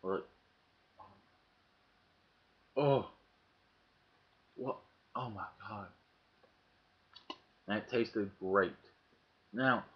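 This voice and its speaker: A man telling a story casually to his webcam, swearing freely and acting out the lines of people in it. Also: lowish voice. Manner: profane, acts out quoted lines in the story. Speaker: vlogger. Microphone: webcam mic. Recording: dull lo-fi webcam audio.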